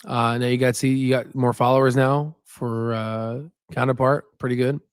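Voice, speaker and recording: A man's voice: medium pitch, little pitch movement, normal speed, smooth, no echo, studio quality. A man hosting a stock market livestream in a casual, rambling way, chatting about viewer comments and often tagging "right?" onto his points. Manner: repeats "right?" as a filler. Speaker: stock market channel host.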